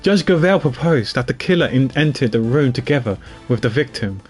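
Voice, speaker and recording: A composed prosecutor lays out his reasoning in measured, formal sentences, as a man reads him in a game. His pitch moves freely, which keeps the delivery animated, and faint music plays underneath. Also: lightly acted. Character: cool, composed male prosecutor.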